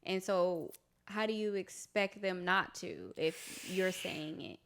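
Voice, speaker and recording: A woman's voice: on the low side, slow pace. A woman co-hosting a casual podcast, hesitating and searching for her words. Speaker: podcast co-host. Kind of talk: casual chat.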